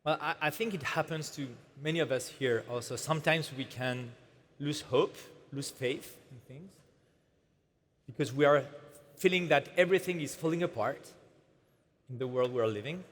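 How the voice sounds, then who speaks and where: A man's voice: a little high, moderate pace. A man moderating an onstage interview, talking hesitantly with restarts and fillers. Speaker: conference moderator. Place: large conference hall, on stage. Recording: reverberant hall with faint ambience.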